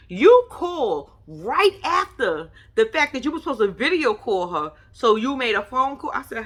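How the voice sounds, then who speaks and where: A woman giving a profane, sassy, animated recap commentary. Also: on the high side, normal speed, hardly any pauses. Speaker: reality TV recap vlogger. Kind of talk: casual commentary.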